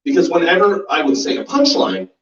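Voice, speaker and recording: Animated man doing stand-up, roomy and distant. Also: high voice, a little fast. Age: 40s. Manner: animated, profane, with laugh and voice impressions. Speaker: stand-up comedian. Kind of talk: stand-up set. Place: small comedy club basement. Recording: roomy, distant, muffled live recording.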